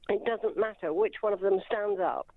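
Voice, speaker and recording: A woman's voice: medium pitch, dry recording. A woman calling in to a radio show, hesitant and apologetic, with lots of ums. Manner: hesitant, apologetic, many fillers. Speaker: caller. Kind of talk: phone-in call. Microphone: telephone. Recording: tinny phone line.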